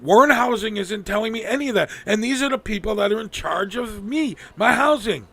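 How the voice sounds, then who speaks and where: A man's voice: sits high, animated, fairly quick, gravelly, a bit bright. A man hosting a live stream, venting angrily and profanely, mocking the people he quotes. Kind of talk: ranting casual talk.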